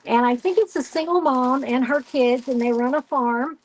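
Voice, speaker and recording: A woman's voice: sits high, normal speed. A woman hosting a crafting live stream, chatting casually and telling stories while she works. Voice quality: chatty storyteller, animated retelling with quoted voices.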